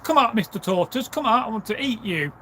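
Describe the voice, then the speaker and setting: A man's voice: sits high, expressive, fairly quick, sharp tone, a little hiss or hum, voice pushed up. A man voicing a hungry, frustrated male fox in a spoken folk tale, musing and puzzled. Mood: demanding.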